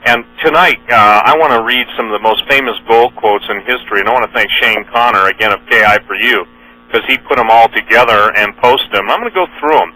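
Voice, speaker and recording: Poor audio carries a man's sharp, mid-range voice, moving a little fast as he hosts a radio talk show. Earnest throughout, he reads news items and quotes aloud, leaning on fillers and repeatedly correcting himself mid-sentence.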